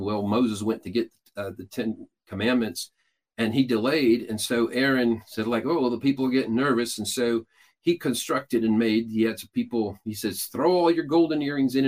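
A man hosting a show, talking loosely and explaining at length, with frequent restarts and filler sounds. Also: on the low side. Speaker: host. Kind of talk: casual teaching talk.

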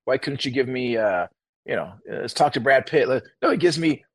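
Husky guy talking fast, telling a story and doing everyone's voices, casual chat. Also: mid-range voice. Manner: animated, acts out quoted voices. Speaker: guest minister.

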